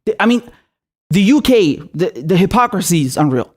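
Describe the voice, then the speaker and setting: A man's voice: high-pitched, very animated, normal speed. A young man hosting his own political commentary show, delivering a furious, profane and accusatory rant.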